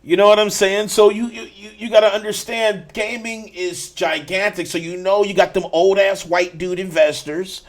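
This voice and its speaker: Guy hosting a gaming podcast, kinda high voice, ranting, keeps restarting sentences. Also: steady tone, normal speed, hardly any pauses. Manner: blunt, repetitive, restarts often. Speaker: podcast host. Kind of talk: casual gaming podcast chat.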